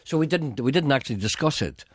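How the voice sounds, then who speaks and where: A man with a Northern Irish accent presenting a comedy radio show, telling wry, rambling stories with a deadpan touch. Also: mid-range voice, fast talker, no room sound, studio quality. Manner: wry, drifting into tangents, deadpan storytelling.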